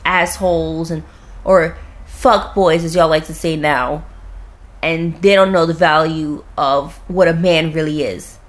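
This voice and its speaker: A woman's voice: deep voice, steady tone, measured pace. A young woman at home, ranting bluntly and profanely in a casual vlog. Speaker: vlogger. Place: at home with her cat.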